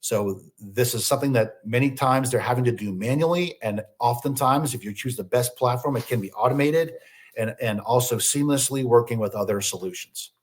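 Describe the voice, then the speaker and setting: A man's voice: medium pitch, slightly rough. A man giving a business webinar presentation, posing questions and then answering them himself, with frequent "uh" fillers. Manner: slows down deliberately for listing items.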